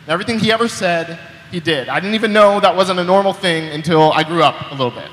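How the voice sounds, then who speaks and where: A man's voice: high-pitched, quick pace, a bit bright, a little hiss or hum. A young man preaching a sermon in a conversational way, often repeating words as he starts a sentence, recorded in a church hall. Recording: echoey hall with long reverb.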